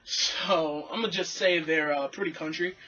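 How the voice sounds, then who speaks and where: A young man vlogging, telling a story in a casual, animated, profanity-laced way. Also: a little high, unhurried, lo-fi sound. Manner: animated, swearing, acts out quotes.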